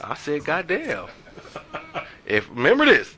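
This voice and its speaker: A man's voice: medium pitch, lively intonation, quick pace, pushed and bright, dry recording. A man telling rambling stories and crude jokes in casual radio banter, laughing often. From Kansas City area.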